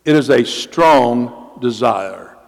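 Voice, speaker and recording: A male pastor preaching a sermon in an emphatic way, repeating key phrases and slowing down for emphasis. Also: medium pitch, expressive, gravelly, big-room sound, poor audio.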